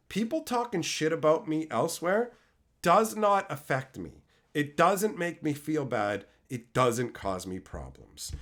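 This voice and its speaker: A man streaming, telling stories in a brash, snarky, profane way, from Canada. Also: on the high side. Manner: profane, animated storytelling. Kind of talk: casual stream chat.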